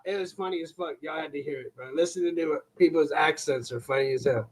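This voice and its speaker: A young man hosting a live reaction stream, loud and crude, mocking and interrupting what plays. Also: on the high side, quick pace, few pauses, rough recording. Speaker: livestream host reacting to a video.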